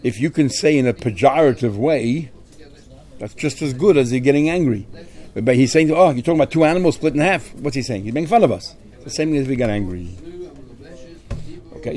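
A man's voice: mid-range voice, expressive, a little fast, warm tone. A man teaching a Talmud lesson, explaining step by step and weaving Aramaic and Hebrew terms into his English. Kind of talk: Talmud study lecture.

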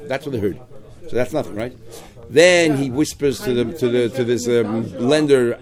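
A man teaching a Talmud class, quickly reading the text and explaining it in English, acting out the parties in the case. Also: mid-range voice, crowd noise. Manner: rapid, mixing Hebrew-Aramaic terms with English, quotes lines.

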